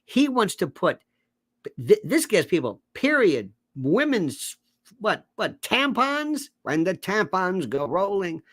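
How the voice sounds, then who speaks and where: A man delivering an animated, sarcastic political rant as a commentator, mocking his targets with sudden shouts and mutters. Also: high voice, dry recording, clean studio sound. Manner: sarcastic, mocking, puts on quick voices of others.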